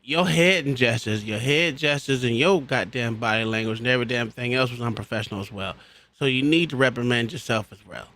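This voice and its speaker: A man giving crude, loud reaction commentary, laughing and mock-quoting people in a profane, animated way. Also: mid-range voice. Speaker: reaction streamer.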